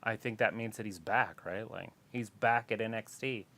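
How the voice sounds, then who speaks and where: A man's voice: lowish voice, normal speed, pushed and bright. A man co-hosting a casual wrestling watch-along, giving plain-spoken, opinionated takes in a matter-of-fact way. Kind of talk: casual chat, wrestling commentary.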